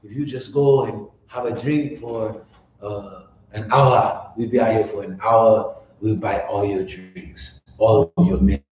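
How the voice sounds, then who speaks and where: Man doing a coaxing stranger's voice, pushy, soft, echoey lo-fi room. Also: on the low side, fairly even intonation, a little slow, slight background noise, close to an everyday voice. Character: pushy man offering to buy drinks. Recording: echoey room, dull lo-fi sound.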